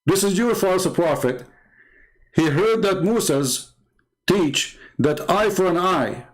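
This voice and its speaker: A man's voice: high-pitched, animated, slow. A man hosting polemical commentary, talking in a mocking, sarcastic way and laughing at his own jokes. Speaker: host.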